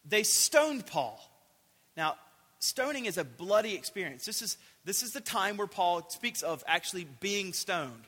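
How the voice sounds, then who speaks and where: A man preaching a sermon, animated, acting out quoted voices and shouting for emphasis. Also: sits high, unhurried, husky. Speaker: pastor. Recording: long hall reverb.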